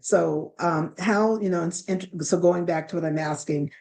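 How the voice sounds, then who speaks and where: A woman's voice: on the low side, moderate pace, vocal fry, darkish tone. A woman hosting a webinar interview, asking long, thoughtful, rambling questions.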